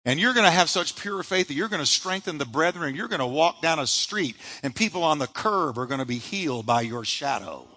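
A male pastor delivers a live sermon with a bright, forceful tone. His voice swings widely in pitch and rises in emphatic bursts over repeated refrains. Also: lively intonation, brisk, hardly any pauses. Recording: live church sermon audio.

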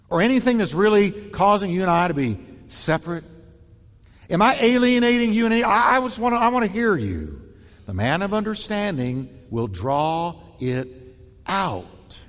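A man preaching a sermon in an animated way, acting out quoted voices with shifting tone and pace. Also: high voice, normal speed, long reverb tail. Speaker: pastor.

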